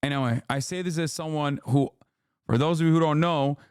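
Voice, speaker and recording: A higher-voiced man ranting in a heated, profane casual stream. His words pile up in exasperated repetition as he reacts. The sound is close and dry, with no room around it. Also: fairly quick, a little mellow, clear, resonant tone, no room sound. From grew up in a Muslim country.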